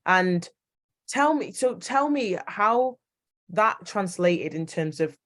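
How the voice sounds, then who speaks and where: A woman's voice: mid-range voice, lively intonation, slow, fairly bright tone. A woman podcast host asking her guest questions and reacting with short interjections. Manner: brief reactions and prompting questions.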